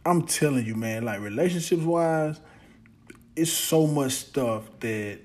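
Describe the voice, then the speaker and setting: A man's voice: on the high side, lively intonation, measured pace. A man hosting a podcast, talking in a blunt, rambling casual monologue full of slang and repeated words. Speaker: podcast host.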